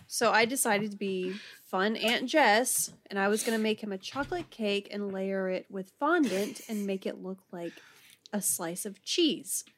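A woman's voice: mid-range voice, a little slow, a bit bright. A woman telling a funny story in a casual chat, with fillers and bursts of laughter. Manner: chatty, laughing, frequent fillers. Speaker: podcast co-host.

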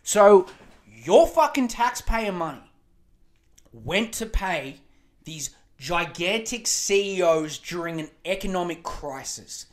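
A man's voice: high-pitched, animated, takes it slowly. A man hosting a podcast. He rants with heavy swearing and sarcasm. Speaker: podcast host. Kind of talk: profane ranting commentary.

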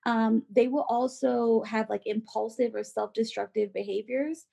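A woman co-hosting a podcast in casual chat, animated and filler-heavy, acting out quoted voices. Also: fairly high pitch, a little slow, gravelly, husky. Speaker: podcast co-host.

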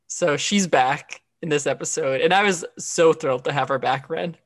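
A woman co-hosts a podcast, recapping an episode in a chatty, casual way full of fillers and restarts. Her voice is low and her pace measured.

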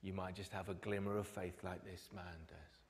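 A pastor preaching a sermon in a church, his voice sitting a little low. He rises to loud, emphatic phrases, then drops to near-whispers for effect. Long reverb trails off his words in the large hall. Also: flat delivery, normal speed.

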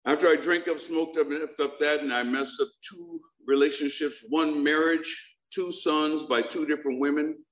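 This middle-aged man has a fairly high, fairly bright voice with a steady tone, talking at a normal speed and barely pausing. He entertains a live audience with a humorous recovery story, full of jokes and questions for them. The room is echoey.

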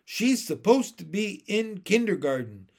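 A man's voice: fairly high pitch, lively intonation, normal speed, a bit bright. A man voicing a bossy older schoolgirl scolding her little sister in a commanding way. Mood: explaining.

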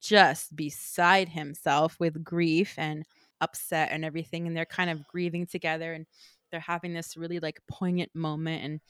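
A woman co-hosting a podcast, casually recapping a novel in animated chat. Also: low-pitched, normal speed, smooth, dry recording, studio quality. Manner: animated, acts out characters in quotes.

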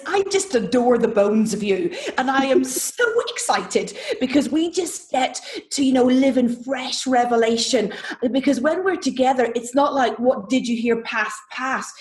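A woman's voice: high voice, animated, a little slow, darkish tone, roomy sound. A woman with an Irish accent, a guest speaking in bubbly casual chat, laughing between phrases. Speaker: guest prophet.

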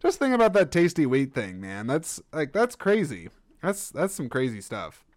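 A man's voice: a little high, wildly swooping pitch, moderate pace, dry recording. A young man hosting a solo podcast, rambling and self-mocking with lots of restarts. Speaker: podcast host. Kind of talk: casual solo podcast monologue.

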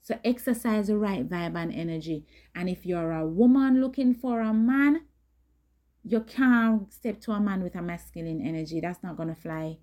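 A woman hosting a dating advice talk, speaking directly and emphatically in a casual way, with a voice that is not high or squeaky. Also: normal speed, dark tone. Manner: direct, emphatic, conversational with quoted asides.

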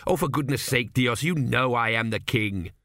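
A man's voice: medium pitch, normal speed, sharp tone, no room sound, studio quality. A man voicing an exasperated young male king who sounds flustered and impatient.

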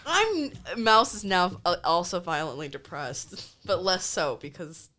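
A woman's voice: on the low side, lively intonation, a little slow, bright, forceful tone. A woman player in a casual tabletop game, asking questions in a hesitant, filler-heavy way.

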